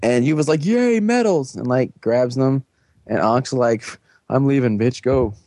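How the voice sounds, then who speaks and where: A man hosting a laid-back podcast and retelling an episode in a loose, rambling way. He fills his talk with "like" and "um" and jumps into quick, higher character voices. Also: steady tone, a little mellow, no echo. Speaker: podcast host recapping a show. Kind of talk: casual recap chat.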